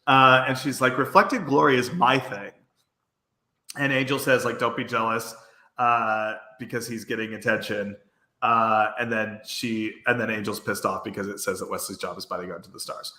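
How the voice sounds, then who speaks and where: A man's voice: lowish voice, steady tone, normal speed, sharp tone, reverberant. A man with a faint Brooklyn accent, co-hosting a podcast and recapping an episode in a rambling, filler-heavy casual chat. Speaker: podcast co-host.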